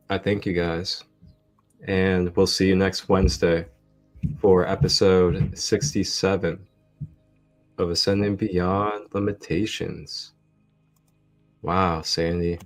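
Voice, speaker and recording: A man co-hosting a spiritual study livestream, chatting in a relaxed way and laughing easily. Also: low voice. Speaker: co-host. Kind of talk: casual spiritual chat.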